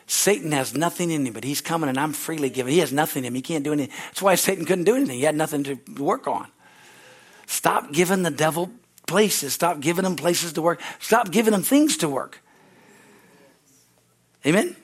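A middle-aged man preaching a sermon as pastor, fervent and repetitive, rising to shouted exhortations. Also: on the high side, a little fast, slightly rough.

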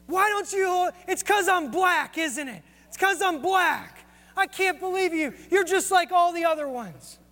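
Man acting out an angry shouting woman, accusing, raised high voice, reverberant hall. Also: expressive, measured pace, full character voice. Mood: furious. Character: furious woman shouting in a library.

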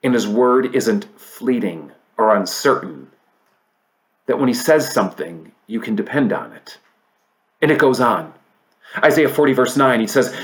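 Slow-preaching man in a sermon. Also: expressive. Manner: preaching, reads scripture aloud, rises to emphatic peaks then drops low. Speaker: pastor.

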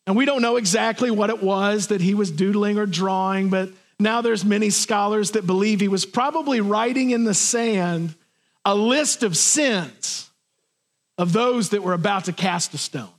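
A man's voice: high voice, normal speed. A man preaching a sermon to his congregation in an earnest, plain way, sometimes acting out voices. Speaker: pastor.

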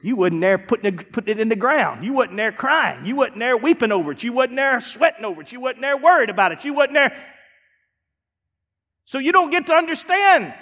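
A man preaches, his voice pitched high and swinging widely from booming emphasis to hushed asides. His delivery is folksy and emphatic. The sound carries the long reverb of a church hall. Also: lively intonation, fairly quick. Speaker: pastor. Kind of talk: sermon. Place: church sanctuary.

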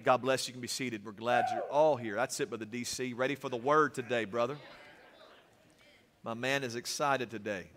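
A male pastor preaching a sermon, animated, with humorous asides and swings from loud to soft. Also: medium pitch, moderate pace. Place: church sanctuary. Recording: long reverb of a church hall.

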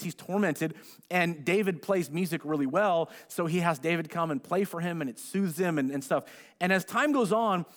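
A man preaching a relaxed sermon, with a high voice for a man. He retells the story in plain words and slips into the voices of the people he quotes. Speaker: pastor. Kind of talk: conversational sermon.

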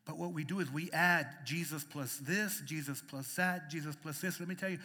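A man pastor preaching a sermon with passion, swinging between loud emphatic peaks and quiet intimate passages. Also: mid-range voice. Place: church sanctuary. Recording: long reverb of a church hall.

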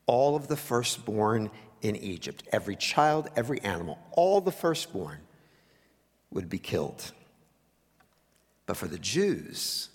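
A man preaching a sermon in a conversational way, with wry asides, sometimes dropping to a hush for emphasis. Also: medium pitch, in a large hall. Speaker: pastor.

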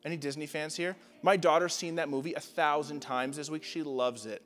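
A man's voice: on the high side, fairly even intonation, brisk, a bit bright, in a large hall, soft background music. A young man preaching a sermon, casual and joking, with lots of filler words. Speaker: pastor. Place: church hall.

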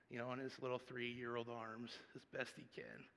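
Bright-voiced pastor preaching in a reverberant hall. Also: male voice, medium pitch, normal speed, vocal fry, few pauses. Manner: conversational storytelling, animated swings in loudness. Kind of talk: sermon.

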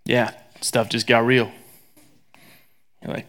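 A man preaching a sermon in a conversational, joking way, swinging from loud to hushed whispers. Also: medium pitch, slow pace, breathy edge. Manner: conversational, joking, acts out voices.

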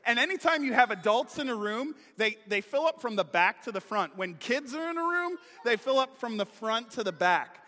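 A man, a pastor, giving a playful, animated children's sermon, talking straight to the kids. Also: very high-pitched, normal speed, few pauses. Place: church sanctuary. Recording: long hall reverb.

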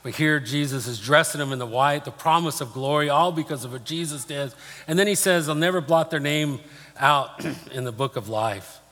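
A man's voice: on the high side, normal speed, a bit bright. A man preaching a sermon as pastor, speaking in a plain, personal storytelling way. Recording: long reverb of a large hall.

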